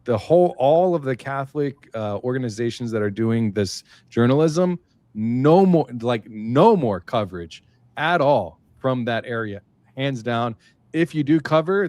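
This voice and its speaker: Man, earnest, halting, mid-pitched, dry close sound. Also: lively intonation, darkish tone, no room sound. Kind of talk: casual political chat.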